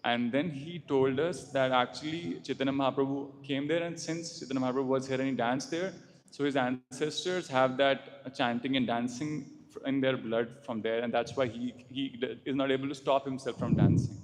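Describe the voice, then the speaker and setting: A man casually telling a story from a pilgrimage, pausing often with fillers. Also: mid-range voice, steady tone. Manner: halting, with fillers. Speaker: devotee sharing a story. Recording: hall reverb with faint noise.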